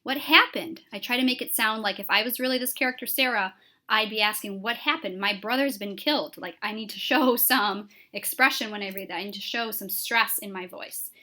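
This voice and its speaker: A woman teacher giving a recorded lesson to her class, explaining clearly with frequent "um" fillers. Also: mid-range voice, steady tone, fairly quick, sharp tone.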